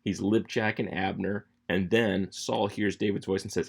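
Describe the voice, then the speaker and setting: A man with a low, heavily gravelly and husky voice walks through a Bible passage. He reads the verses aloud, then retells them in casual, slangy everyday talk, like a relaxed teacher explaining a story. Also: normal speed. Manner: conversational, paraphrases scripture in slangy everyday talk.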